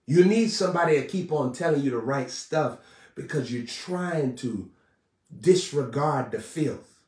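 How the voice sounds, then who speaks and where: Man preaching live, fiery and repetitive, rising to shouts; echoey room, off-mic. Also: on the high side, lively intonation, unhurried, distant mic. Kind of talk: live-streamed sermon.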